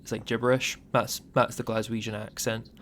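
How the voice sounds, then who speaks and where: A man's voice: mid-range voice, little pitch movement, moderate pace, a bit bright, slight background noise. A young man from Scotland with a Fife accent, hosting a casual podcast chat, joking and laughing often. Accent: Scottish, Fife. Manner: joking, laughs often, uses many fillers. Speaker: podcast host.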